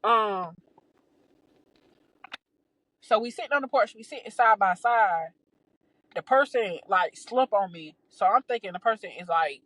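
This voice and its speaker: A young adult woman hosting a podcast, telling a story in a casual, animated, profane way, with many restarts and exasperated asides. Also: mid-range voice, measured pace, long pauses, no echo, poor audio. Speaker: podcast host.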